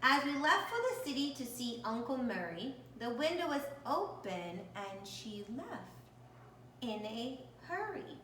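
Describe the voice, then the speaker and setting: A woman reads a picture book aloud in a slow, unhurried way, now and then pausing to talk about the pictures. Her voice is bright and rises and falls a lot. The recording sounds roomy and distant, with faint background noise. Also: on the high side. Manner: animated, stops to point out the pictures. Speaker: storybook reader. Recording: echoey room, distant mic.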